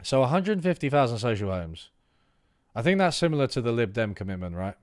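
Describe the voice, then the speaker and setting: A man's voice: medium pitch, sing-song, brisk, dry recording, clean studio sound. A man reading political text aloud on a livestream, stopping for loose, rambling asides with fillers. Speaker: streamer reading political manifestos.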